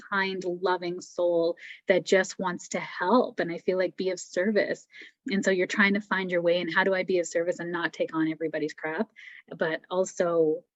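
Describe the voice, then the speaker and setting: Woman, lower voice, gentle encouraging reader, dry close sound, dull lo-fi call audio. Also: dry recording. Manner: gentle, encouraging, thinks aloud with fillers. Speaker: psychic medium guest. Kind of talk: intuitive reading, conversational.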